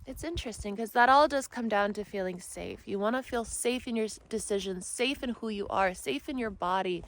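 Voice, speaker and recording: A woman spiritual mentor talking in a soft, rambling, earnest way for her vlog, filming herself on a phone at arm's length while riding outdoors. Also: medium pitch, brisk, hardly any pauses, poor audio. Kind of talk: casual self-help vlog talk. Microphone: phone held at arm's length.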